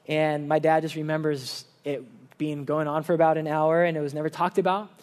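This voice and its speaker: High-voiced earnest preacher man. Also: steady tone, moderate pace. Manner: earnest, personal storytelling. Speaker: pastor. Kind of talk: conversational sermon. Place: church service.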